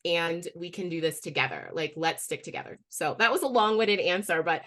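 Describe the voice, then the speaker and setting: A woman with a bright, forceful voice speaks candidly and with strong feeling on a webinar call. Her voice sits a little low. Her tone is heartfelt and open. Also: fairly quick. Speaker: webinar co-host. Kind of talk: personal story on a webinar.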